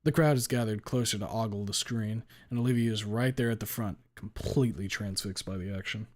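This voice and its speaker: A man reading a first-person story aloud with a blunt, deadpan delivery and casual swearing. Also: fairly low pitch, a little fast. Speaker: story reader.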